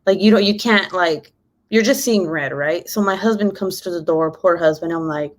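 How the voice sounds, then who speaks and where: A woman's voice: medium pitch, brisk. A young adult woman chatting casually to camera, telling a story with lots of swearing and acted-out quotes. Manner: animated, swears freely, acts out quotes. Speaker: mom vlogger.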